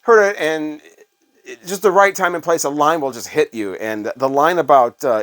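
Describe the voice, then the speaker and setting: A middle-aged Illinois man, once on radio staff and now a record collector, rambles through casual vlog stories packed with fillers. His voice sits fairly high and sounds animated and a bit bright, moving at a normal speed.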